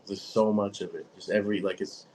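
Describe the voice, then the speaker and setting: A man's voice: fairly low pitch, brisk, slight background noise, poor audio. A man chatting casually as a podcast guest, swearing freely and acting out the people in his stories. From Michigan, US. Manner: profane, animated storytelling with quoted voices.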